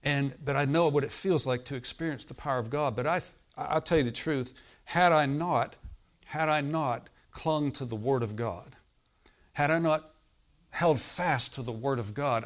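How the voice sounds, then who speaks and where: A man preaching a sermon in an emphatic, repetitive style, often calling out to his listeners for agreement. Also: mid-range voice. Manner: emphatic, repetitive, frequent "Amen?" calls to listeners. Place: hotel meeting room.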